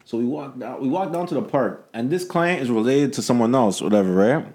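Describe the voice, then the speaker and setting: A man's voice: mid-range voice, fairly quick, a little hiss or hum. A man in casual chat, telling stories and acting out the people in them. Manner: animated storyteller, acts out quoted people.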